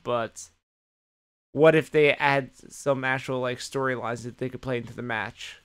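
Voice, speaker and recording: A man co-hosting a podcast, swearing freely in an animated, casual recap of the week. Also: mid-range voice, a little slow, clear, resonant tone. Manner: animated retelling, heavy swearing. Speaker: podcast co-host. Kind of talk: casual chat recapping wrestling.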